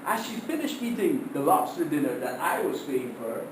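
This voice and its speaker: A man giving a prepared humorous speech to his class, telling stories in an animated way and laughing at his own jokes, heard from across a classroom. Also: fairly high pitch, normal speed, roomy sound, recorded from a distance, background noise.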